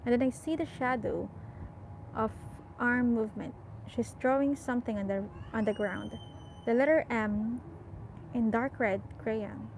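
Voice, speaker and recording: A woman narrates a novel in a calm, measured way. Her voice sits a touch higher than most, and she colors the tense moments with soft expression. The recording is clean and close. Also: a little hiss or hum, rough recording. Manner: measured, softly expressive storytelling. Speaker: audiobook reader. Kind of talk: reading a novel aloud.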